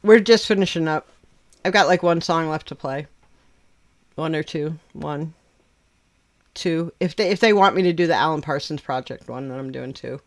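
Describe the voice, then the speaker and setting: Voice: mid-range voice, normal speed, long pauses. A livestream host who chats casually and bluntly, swearing freely and laughing often.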